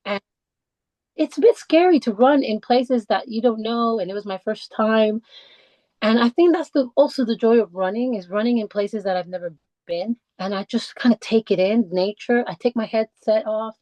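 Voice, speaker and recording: A woman guest on a podcast, telling her own story in a halting, heartfelt way with many restarts and fillers. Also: on the high side, mellow, no room sound, rough recording. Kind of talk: personal conversational storytelling. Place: lives in the English countryside.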